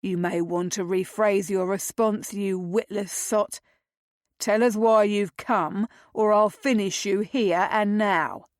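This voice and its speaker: A woman's voice: medium pitch, steady tone, slow, no echo, studio quality, natural voice. A woman voicing a cold, emotionless man who barks his orders and threats. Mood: threatening. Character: icy, soulless male servant with a pistol.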